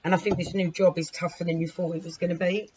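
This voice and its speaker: Woman, hoarse throat, chatty tarot reading, muffled sound, clear noise and ticking clock behind. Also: on the low side, flat delivery, quick pace, darkish tone. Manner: chatty, swears lightly, talks to her cards. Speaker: tarot reader.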